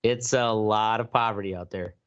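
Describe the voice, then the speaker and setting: Halting man on a dull-sounding mic. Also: fairly low pitch, steady tone, clean tone, dry recording. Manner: filler-heavy, halting. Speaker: podcast co-host. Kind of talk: casual chat.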